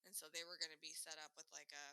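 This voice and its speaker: Podcast co-host, Minnesota woman in her thirties, very bright dry sound, lively and profane storyteller. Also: deep voice, racing, smooth, no room sound. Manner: animated storyteller, acts out quoted voices, swears freely. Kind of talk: casual chat.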